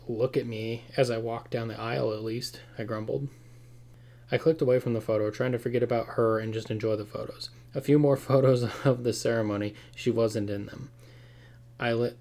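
Guy reading a spooky first-person story, mid pitch, steady and tense.

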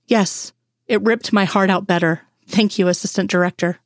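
A woman reading a first-person story aloud in an earnest, measured way. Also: mid-range voice, steady tone, no echo, studio quality. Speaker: reader.

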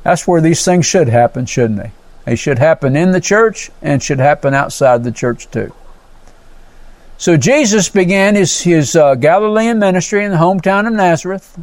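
High-voiced man preaching a sermon. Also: expressive, normal speed, no echo. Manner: earnest preaching, with frequent amens and praises; teaching Bible verse by verse, explaining Greek words. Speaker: pastor.

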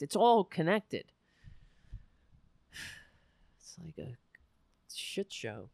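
A woman host talking on air in a smooth, clear voice, recorded close and dry. She rambles and restarts, her words dropping to soft murmurs, and she sounds close to tears. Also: deep voice, no echo. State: near tears. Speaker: talk show host. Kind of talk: casual on-air monologue.

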